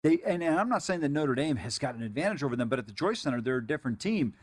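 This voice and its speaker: A man co-hosting a sports betting show, talking rapidly and with strong opinions in casual chat. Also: on the high side, lively intonation.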